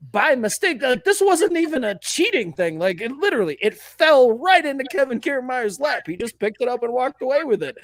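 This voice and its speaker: Guy on a sports podcast, high voice jumping all over, swears a lot, teasing. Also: dry recording. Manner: animated, swearing, mocking quotes. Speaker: podcast co-host. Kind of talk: casual sports chat.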